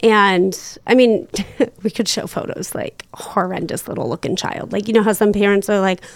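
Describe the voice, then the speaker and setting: A woman guest in a casual interview, chatty and quick to laugh, full of fillers. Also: medium pitch, steady tone, creaky, dry recording. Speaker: podcast guest.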